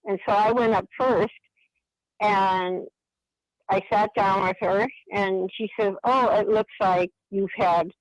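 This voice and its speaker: A woman's voice: medium pitch, steady tone, slow pace, no echo. An older woman calling into a radio show, retelling a story in a chatty way with lots of quoted dialogue. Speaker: caller. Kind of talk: phone-in storytelling. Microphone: phone. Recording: dry telephone line.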